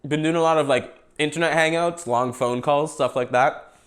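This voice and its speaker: A man's voice: on the high side, moderate pace. Canadian dude chatting on his podcast stream, rambly and jokey, mouth full half the time. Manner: rambling, joking, eating while talking. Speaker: podcast host. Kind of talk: casual livestream chat.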